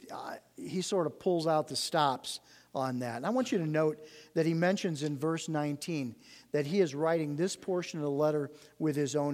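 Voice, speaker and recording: A Bible teacher with a slightly high, somewhat mellow voice gives an earnest Bible study sermon, explaining scripture and leaning on key words. A long reverb from a large hall trails each phrase.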